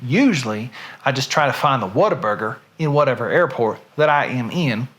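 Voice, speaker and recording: A middle-aged man with a Southern US accent, hosting from home, reading a poem slowly with drawn-out line endings and then chatting casually. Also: mid-range voice, expressive, a bit bright. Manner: slow, drawn-out recital with falling line ends. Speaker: host. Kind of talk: dramatic poetry reading, then casual chat.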